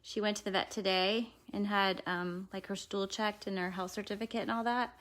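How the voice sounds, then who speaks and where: A woman chatting casually on a live stream from her home, breaking off to coax her dogs in a high voice. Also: steady tone, moderate pace, fairly bright tone. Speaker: home dog breeder.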